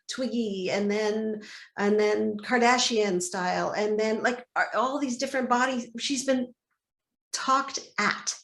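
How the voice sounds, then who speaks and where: Animated woman coach in an echoey room. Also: mid-range voice. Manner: animated, acts out inner dialogues. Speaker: guest, body-peace coach. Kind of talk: interview conversation.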